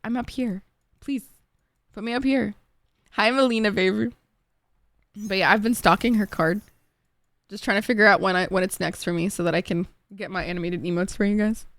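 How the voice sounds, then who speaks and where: Young woman streamer, Egyptian accent, animated casual chatter, dry close mic. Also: medium pitch, a little fast, no room sound. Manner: chatty, animated, laughs easily, bursts into song. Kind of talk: casual chat with viewers.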